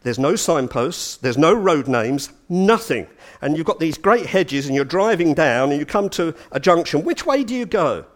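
A man giving a storytelling lecture, animated and full of chatty asides. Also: a little high, moderate pace. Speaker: speaker giving a talk.

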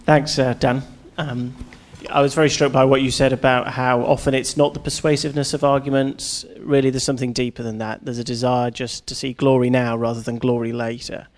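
A male host with a gravelly, creaky voice and a flat, even delivery. He asks thoughtful, searching questions and pauses with some hesitation as he works them out. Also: mid-range voice. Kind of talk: interview question.

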